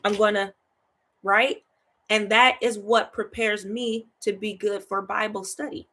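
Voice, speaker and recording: A chatty woman leads a Bible study in a relaxed, talky way. Her voice sits in an ordinary middle pitch. She stays lively, laughs easily, tosses in "right?" again and again, and repeats herself for emphasis. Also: a little slow. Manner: animated, chatty, laughs often, keeps asking "right?". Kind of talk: casual Bible study teaching.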